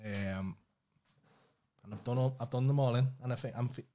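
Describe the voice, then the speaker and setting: A man's voice: mid-range voice, normal speed, dark tone. A man co-hosting a podcast, rambling and sweary, laughing at himself in casual chat. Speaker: podcast co-host.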